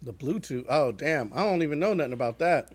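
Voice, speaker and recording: A man's voice: a little high, animated, a little fast, no echo. A man co-hosting a casual podcast, tossing in joking one-liners. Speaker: podcast co-host. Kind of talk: casual banter.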